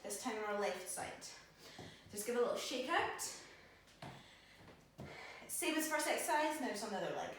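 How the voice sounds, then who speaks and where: A woman leads a workout in a gym, exercising as she instructs, counting reps encouragingly and a little short of breath. Her voice is fairly high; the sound is distant and very echoey, with a touch of hiss or hum.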